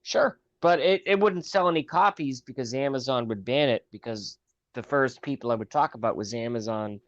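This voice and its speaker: A man's voice: medium pitch, a little fast, fairly bright tone, no echo. A man from the US chatting as a guest on a livestream call, joking and wandering off in asides. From United States. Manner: wry, joking, talks in meandering asides. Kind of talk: casual call-in chat. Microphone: video call. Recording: dry, dull lo-fi call audio.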